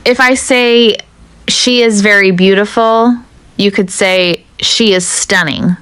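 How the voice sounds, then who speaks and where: A woman teaching an English lesson in a measured, deliberate way, speaking straight to the viewer. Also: medium pitch, fairly even intonation, fairly bright tone, smooth, dry recording, soft background music. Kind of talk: scripted teaching narration.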